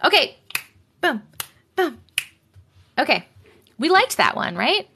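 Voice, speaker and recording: A chatty woman with a Long Island accent and a slightly high voice hosts a casual live stream and reads viewer stories aloud. She talks bluntly, swears freely and gets riled up easily. Her voice comes through a phone mic held close to her face or clipped to her shirt. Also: sing-song, slow, creaky, pushed and bright. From Long Island, New York. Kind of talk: casual live-stream chat and story reading.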